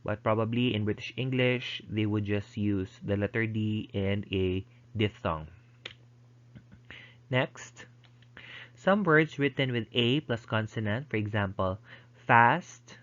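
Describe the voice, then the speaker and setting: A man's voice: fairly low pitch, fairly bright tone. A man lecturing and explaining step by step, with frequent ums and restarts. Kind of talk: recorded lecture. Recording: dull lo-fi recording.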